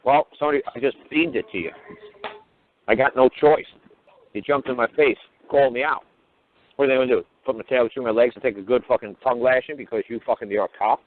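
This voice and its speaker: A man's voice: medium pitch, steady tone, fast. A blunt man telling a profane story, swearing heavily and acting out both sides of an argument, heard over a phone-like line. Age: older. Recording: tinny phone-line audio.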